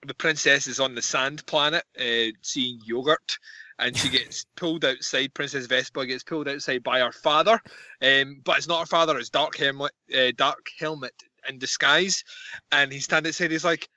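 A man's voice: mid-range voice, steady tone, normal speed, pushed and bright, no echo. A man hosting a comedy podcast, chatting casually and joking with fillers and asides. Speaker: podcast host.

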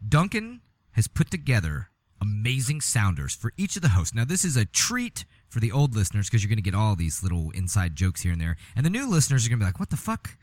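Lively, teasing male podcast host. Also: lowish voice, quick pace, no room sound. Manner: teasing, profane, laughs often. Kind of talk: casual crude banter.

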